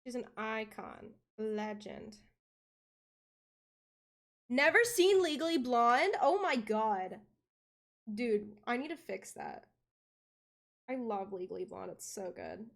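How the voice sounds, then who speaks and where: Chatty streamer woman with a lively voice. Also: mid-range voice, slow pace, gravelly. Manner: chatty, swearing, playful. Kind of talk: casual chat on a live stream.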